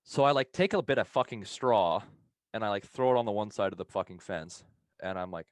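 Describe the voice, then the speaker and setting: A podcast co-host with a low-pitched voice tells a long, rambling story, swearing freely and laughing between lines. He's animated and brisk, and the recording is dry and close-miked, with no room sound around him.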